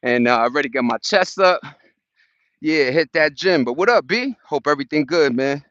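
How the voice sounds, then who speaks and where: A man's voice: on the high side, moderate pace, fairly bright tone, no room sound, highs cut off. A man from Brooklyn with a New York accent, live-streaming as he walks uphill in a park, upbeat and profane with lots of street slang as he greets his viewers. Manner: talking while walking uphill outdoors. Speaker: livestreaming vlogger. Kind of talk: casual live-stream chat. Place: outdoors in a park on a hill. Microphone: phone held at arm's length.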